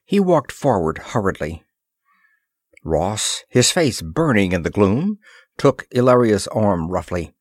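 Slow, expressive male narrator. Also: fairly low pitch, slightly rough, no room sound, studio quality. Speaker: audiobook narrator. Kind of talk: pulp science fiction reading.

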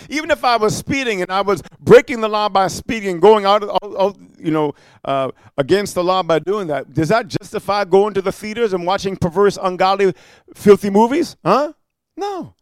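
A man's voice: sits high, no room sound, studio quality. A man preaching a sermon, emphatic and rhetorical, prodding listeners with repeated "amen?" and "huh?".

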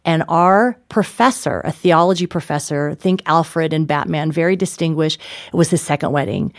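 Animated storytelling woman, dry close sound. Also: sits low, normal speed, no room sound. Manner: animated, laughing, acts out quoted voices. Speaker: guest author. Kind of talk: conversational interview storytelling.

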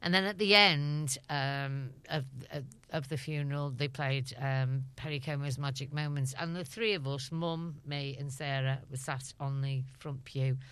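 A woman's voice: extremely low pitch, measured pace, hardly any pauses, a bit bright, clean tone, no room sound. A middle-aged woman with a Liverpool accent, a chatty guest telling stories in an interview and laughing often. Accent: Liverpool (Scouse). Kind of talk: anecdotal interview chat.

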